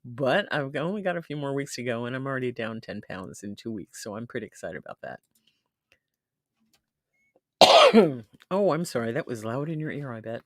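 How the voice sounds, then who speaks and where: A woman's voice: a bass voice, big pitch swings, moderate pace, pauses often, slight background noise. A woman hosting a casual live stream who chats freely, laughs often and reads comments from the chat aloud. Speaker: livestream host.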